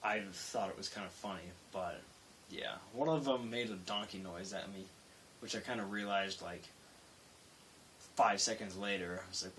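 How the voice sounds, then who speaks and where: Speaking far from the mic at a moderate pace, a young man with a fairly low voice vlogs late at night about something from work. He rambles, breaks into his own sentences, and acts out quotes at full volume. There's faint hiss, and he's a bit off-mic.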